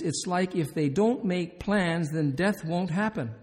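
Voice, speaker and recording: A man's voice: on the high side, very animated, unhurried, few pauses. A man who is a hospice chaplain and minister, giving a conference talk, telling stories with humor and putting questions to the audience. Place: conference hall. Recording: long hall reverb.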